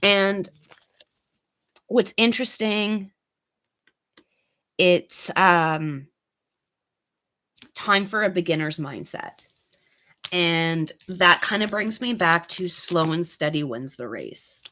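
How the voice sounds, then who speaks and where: Woman, live-stream tarot reader: low-ish, very slow, gentle delivery with frequent pauses. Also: lively intonation, rough recording. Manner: soft, unhurried, full of pauses and fillers. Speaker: tarot reader and channel host. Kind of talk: live-stream card reading.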